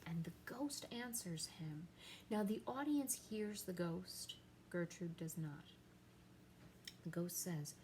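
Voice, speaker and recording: A woman's voice: fairly low pitch, unhurried, slight background noise. A woman teaching a literature lesson, paraphrasing in plain words and dropping to whispered asides.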